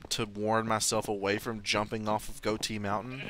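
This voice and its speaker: A man's voice: fairly low pitch, flat delivery, normal speed, background noise. A young man giving casual, self-mocking commentary on his own game play, swearing and laughing often. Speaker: let's play host.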